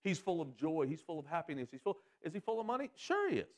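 Pastor, man, mid-high voice, lively sermon delivery with big pitch jumps. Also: quick pace. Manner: animated preaching, swings pitch up for emphasis.

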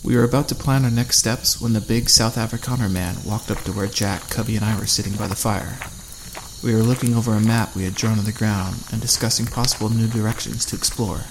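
A man narrating a first-person fantasy audiobook in a steady storytelling manner. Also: lowish voice, brisk, a little hiss or hum.

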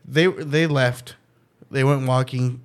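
A podcast host spins a story slowly in a medium-pitched, fairly even voice. He swears a lot, laughs often, and acts out the voices of the characters in the tale.

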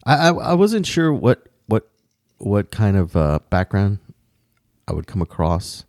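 A man's voice: fairly low pitch, very animated, a little slow, a little mellow, no room sound, studio quality. A man in casual conversation, rambling with frequent restarts and casual swearing. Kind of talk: casual chat.

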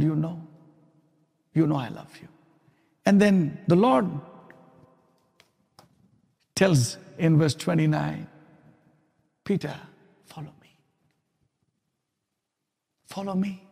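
A pastor preaching a sermon, building to loud, emphatic repetition of his points. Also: high-pitched, gravelly, slightly rough, big-room sound.

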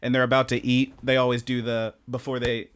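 A man's voice: medium pitch, little pitch movement, fairly quick, a bit bright, clean tone. A young man co-hosting a podcast, recapping an anime in casual, rambling chat and laughing often. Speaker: podcast co-host.

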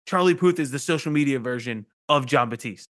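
A man's voice: medium pitch, fairly quick, a bit bright. A man hosting a podcast, telling loose, profane stories in casual chat. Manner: loose, profane storytelling with laughs. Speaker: podcast host.

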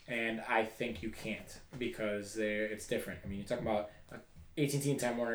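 A man's voice: medium pitch, echoey room. A man hosting a podcast, chatting casually and rambling at length with many fillers. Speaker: podcast host. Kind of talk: casual chat.

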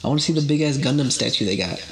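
A man's voice: mid-range voice, lively intonation, racing, a crowd in the background. A young man co-hosting a casual podcast chat, joking at his own expense and swearing freely. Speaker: podcast co-host.

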